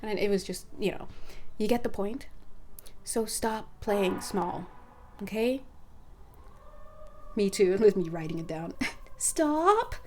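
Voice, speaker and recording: A woman speaking as an intuitive counselor in a casual spiritual monologue, animated and laughing often as she acts out conversations. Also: mid-range voice, unhurried, long pauses, slight background noise.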